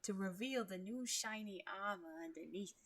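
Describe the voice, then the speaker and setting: A woman doing a booming creature guy with a strange accent. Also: normal speed. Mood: cheerful. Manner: loud, booming, hard-to-place put-on accent. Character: boisterous male creature with an odd accent.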